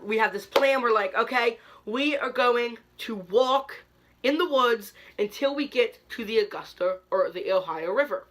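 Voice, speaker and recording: Bright-voiced young man telling stories. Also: high-pitched. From Kentucky. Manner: animated storytelling, many "like" fillers, dramatic quoted reactions. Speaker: YouTube host. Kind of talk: story time vlog.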